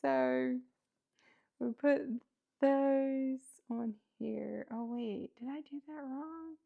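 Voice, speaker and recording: A woman's voice: sits high, fairly even intonation, very slow, gravelly, phone-quality sound. A woman at home chatting casually while building a toy kit, rambling with lots of fillers and self-talk, laughing often. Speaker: host.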